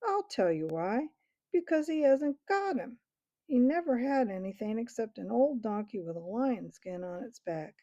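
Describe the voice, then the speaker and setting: A woman's voice: on the high side, sing-song, measured pace, warm tone, no room sound. A woman voicing a scornful, cynical male chief dwarf who mocks and sneers in a storybook reading. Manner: sneering, mocking. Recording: dull lo-fi recording.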